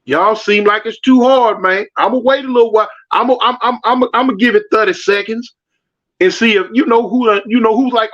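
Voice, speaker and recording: Man, middle-aged, livestream host, slangy street talk, reads out comments, high-pitched, slightly muffled audio. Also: fairly quick, a bit bright. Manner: reads out viewer comments and begs for likes. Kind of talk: casual livestream chat.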